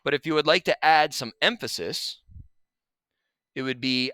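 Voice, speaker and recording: Male teacher, casual lesson voice-over, crisp, bright, dry sound. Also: mid-range voice, fairly quick, no room sound. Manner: relaxed, chatty explaining with asides. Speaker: Spanish teacher. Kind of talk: recorded lesson over slides.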